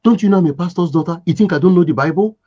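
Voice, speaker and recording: A man's voice: sits high, moderate pace, warm tone, pitched above the performer's own voice. A man putting on the voice of a young pastor's daughter who pushes and pleads, in an anecdote. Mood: insistent. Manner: insistent, coaxing. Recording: dull lo-fi sound.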